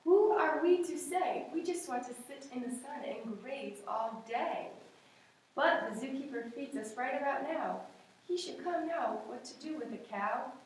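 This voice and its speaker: Kind little storybook zebras chat in easy, gentle rhymes, voiced by a woman reading aloud. The voice is lively and fairly high, heard from afar in a very echoey room. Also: a little slow. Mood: friendly. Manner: gentle, rhyming. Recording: echoey room, far from mic.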